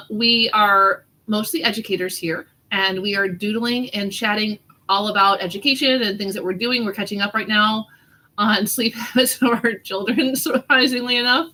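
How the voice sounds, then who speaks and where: A woman's voice: mid-range voice, bright, forceful tone, low-quality recording. A woman hosting a casual live doodling chat, teasing her kid and reading out viewer comments as she draws. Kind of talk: casual live-stream chat while drawing.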